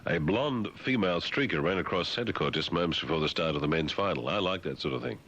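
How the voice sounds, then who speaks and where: A low-voiced man hosting talk radio, dryly reading the news and drifting into rambling, sardonic tangents. His pitch swings widely from deep mutters to sudden high exclamations. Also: expressive, fast talker, fairly bright tone, a little hiss or hum. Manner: wry, rambling, sardonic asides. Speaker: radio host.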